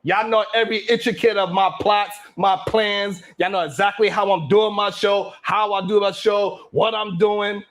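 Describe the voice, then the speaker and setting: A man hosting his own live stream show, boasting and trash-talking the haters in a loud, hyped rant full of cursing. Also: high-pitched, steady tone, moderate pace, hardly any pauses. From Brownsville, Brooklyn.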